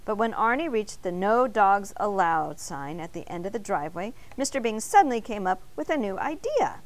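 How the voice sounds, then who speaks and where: A woman teacher reading a picture book aloud in an expressive storytelling manner. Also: mid-range voice, a little fast.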